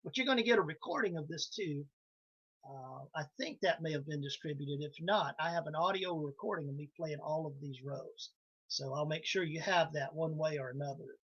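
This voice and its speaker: A man's voice: fairly high pitch, moderate pace, a bit bright, husky, lo-fi sound. A man teaching harmonica in a live online lesson, explaining licks step by step in a casual way and counting in the band. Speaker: harmonica instructor. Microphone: video call.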